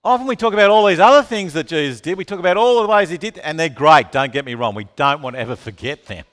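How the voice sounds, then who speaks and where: Preaching quickly in a fairly high pitch, a man animatedly asks his congregation questions and names specific listeners. The recording has the long reverb of a hall.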